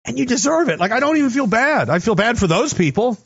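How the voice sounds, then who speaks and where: A man's voice: very high voice, big pitch swings, fast, creaky, fairly bright tone, breathy edge. A man in a heated, profane, sarcastic political rant. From Canada. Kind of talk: angry political rant to camera. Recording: dull lo-fi audio.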